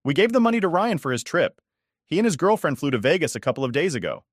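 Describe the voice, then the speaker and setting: A man's voice: fairly high pitch, very animated, fast, no echo, voice pushed up. A cool, dismissive middle-aged mother , read by a man. The voice is only slightly raised, and the recording is dry and close.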